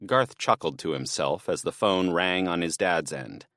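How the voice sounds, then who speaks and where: A man narrating an audiobook thriller in a measured, even storytelling manner on a close mic. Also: low voice, no echo. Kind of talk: scripted narration.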